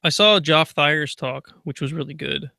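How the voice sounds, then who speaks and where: A man's voice: a little high, normal speed, creaky, pushed and bright, no echo, studio quality. A man co-hosting a casual tech podcast, telling rambling stories and laughing often. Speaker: podcast co-host. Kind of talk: casual chat.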